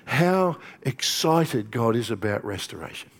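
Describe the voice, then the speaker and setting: A male pastor with an Australian accent preaching a sermon in a lively, folksy storytelling manner. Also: medium pitch, a little slow.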